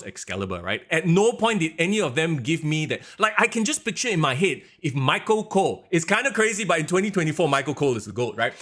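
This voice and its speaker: Man, fairly high lively voice, podcast co-host who rants and mimics commentators. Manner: animated, ranting, mimics announcers. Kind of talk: casual wrestling podcast chat.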